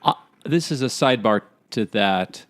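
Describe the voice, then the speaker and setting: A man's voice: mid-range voice, expressive, moderate pace, dry recording. A man co-hosting a podcast in casual chat, rambling and speculating, laughing at his own stories. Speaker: podcast co-host.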